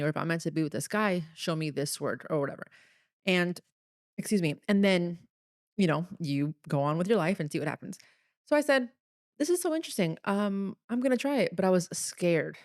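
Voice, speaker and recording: A woman's voice: deep voice, a little mellow, no echo, studio quality. A young woman hosting a solo podcast, telling a personal story in an earnest, chatty, confessional way. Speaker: podcast host.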